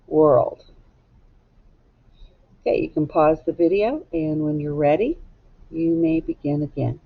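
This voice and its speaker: A woman teacher walks young children through a recorded phonics lesson, spelling each word slowly and deliberately. Her voice has a gravelly, creaky edge, and the recording sounds dull and lo-fi. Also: sits low.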